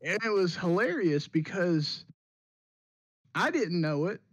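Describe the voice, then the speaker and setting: A man hosting a podcast, telling a school story in an animated, casual way and restarting his sentences as he goes. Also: sits high, unhurried, slightly rough, no echo, dull audio. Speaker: podcast host.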